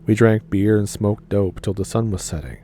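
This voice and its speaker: A man narrating a viewer's story aloud with a wry, deadpan delivery. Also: lowish voice, normal speed, a little hiss or hum.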